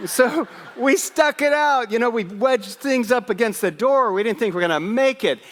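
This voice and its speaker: A man preaching a Christmas Eve sermon as a pastor, telling a lively personal story with asides. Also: very high voice, normal speed, hardly any pauses, big-room sound. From West Africa. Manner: animated storyteller, raising his voice for punchlines. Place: church sanctuary.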